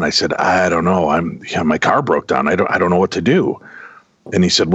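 Low-voiced man spinning a long yarn. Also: fairly quick, breathy edge, dry recording. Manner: animated anecdotal, voices quoted people. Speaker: podcast guest telling a story. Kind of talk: casual storytelling. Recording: dull, dry close sound.

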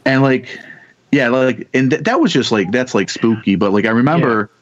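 A man's voice: medium pitch, lively intonation, slight background noise. Rambling man telling a story, lo-fi. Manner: rambling, halting with many restarts, swears casually. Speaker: podcast guest telling ghost stories. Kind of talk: casual storytelling. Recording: dull lo-fi sound.

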